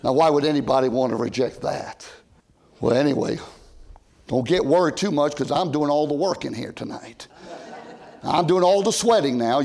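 An older man, a pastor, preaches an old-time sermon from the pulpit in a slightly high, creaky voice. He builds to loud shouts for emphasis, then drops into quiet asides.

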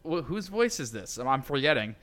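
Brief: man, gamer banter, bright voice, playful and quick to laugh. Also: mid-range voice, very animated. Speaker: game player. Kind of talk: casual chat while playing a game.

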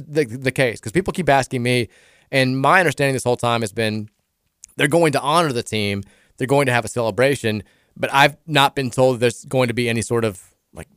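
A man in his thirties with a Kentucky accent, hosting a casual sports radio talk show, chatty and quick with frequent restarts. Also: mid-range voice, clear, resonant tone, no room sound, clean studio sound.

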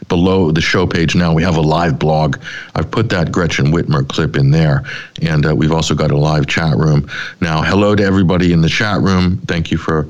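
Low-voiced middle-aged male host, sardonic and rambling, opinion commentary. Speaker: talk show host.

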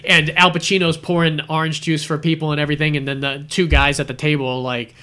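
Bright-voiced man retelling a movie. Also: a little high, brisk, clear, resonant tone. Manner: animated storyteller acting out scenes. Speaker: podcast co-host. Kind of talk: casual movie chat.

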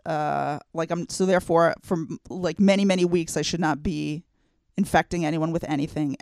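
A woman's voice: sits low, darkish tone, no echo. A woman co-hosting a talk show, speaking earnestly and conversationally, with frequent fillers as she thinks. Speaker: co-host. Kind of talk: casual chat.

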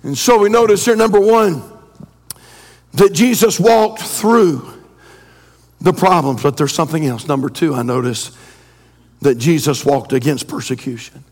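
A pastor preaching a fervent sermon, reading old-style scripture and building to shouted refrains. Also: male voice, on the high side, unhurried, long pauses. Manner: reads scripture in King James wording.

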